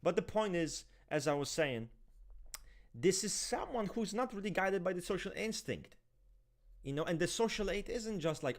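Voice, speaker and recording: A man hosting a casual typology show, talking to viewers in a profane, animated, ranting way and acting out the people he quotes in exaggerated voices. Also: sits high, moderate pace. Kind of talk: casual unscripted chat with viewers.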